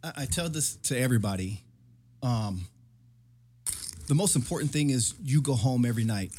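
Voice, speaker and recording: A man's voice: medium pitch, animated, moderate pace, mellow, a little hiss or hum. A middle-aged man in casual talk, earnestly repeating advice to get home safely. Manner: earnest, repetitive, advising.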